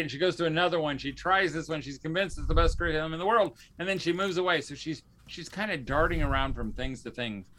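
Man, podcast host, bright forceful tone, casual rambling talk, lots of ums and restarts. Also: on the high side, a little hiss or hum. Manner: rambling, with many fillers and restarts.

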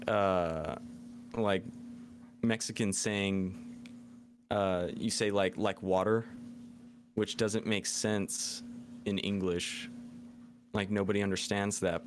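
A man's voice: lowish voice, a little hiss or hum. A man co-hosting a casual podcast chat over beers, rambling through stories and acting out quotes. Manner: rambling storyteller, acts out quotes. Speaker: podcast co-host.

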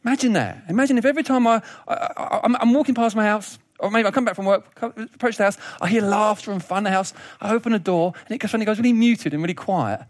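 A man preaching a sermon in a lively, humorous way, laughing often and repeating words as he goes. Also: high voice, fast, few pauses, no echo, studio quality.

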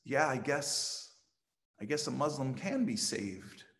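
A man voicing a sincere, humble young male convert, speaking quietly and hesitantly. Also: mid-range voice, animated, slow, reverberant. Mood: tearful.

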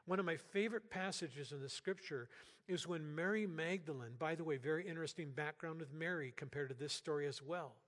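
Older guy pastor preaching, kinda high voice, earnest and chatty, gets loud for emphasis, big echoey church. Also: brisk. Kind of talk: sermon. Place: church sanctuary. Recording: long hall reverb.

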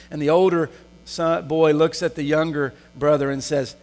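In a church sanctuary, a pastor delivers a sermon and poses rhetorical questions to the congregation. His voice sits on the high side, a little mellow, with fairly even intonation at a moderate pace. The recording carries a long hall reverb.

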